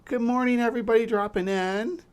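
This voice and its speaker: A woman's voice: on the high side, fairly even intonation, a little fast, clear, resonant tone. A woman hosting a casual livestream chat, rambling and restarting her sentences with lots of fillers. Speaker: livestream host.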